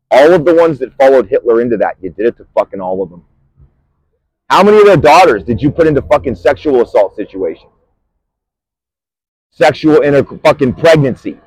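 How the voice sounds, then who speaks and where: A man delivering a furious, profane, threatening rant outdoors on a busy street, swinging between shouting and low muttering. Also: husky, no echo, low-quality recording. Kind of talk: angry direct-to-camera rant.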